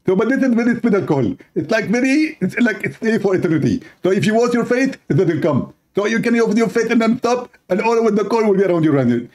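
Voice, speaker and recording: A man voicing a pompous husband bragging about his makeover, in a raised, rapid voice. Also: high voice, lively intonation, darkish tone, voice pushed up. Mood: boastful. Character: boastful husband back from a makeover.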